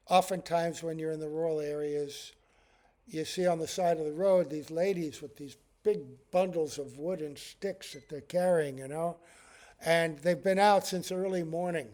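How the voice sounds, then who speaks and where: Monk guy giving a scripture talk, casual, lots of uh and you know, kinda high voice. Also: measured pace, darkish tone. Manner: conversational, chuckling, many fillers. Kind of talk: devotional scripture class.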